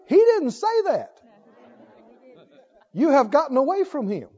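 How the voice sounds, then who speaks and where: An older man preaching a sermon, emphatic, asking call-and-response questions and swinging between loud declarations and soft asides. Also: very high-pitched, huge pitch swings, a little slow, lo-fi sound, some chatter behind.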